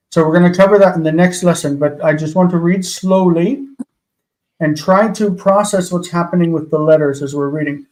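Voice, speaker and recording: A man's voice: a little high, darkish tone, poor audio. A man teaching a live class, patiently sounding out words syllable by syllable. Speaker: Hebrew teacher.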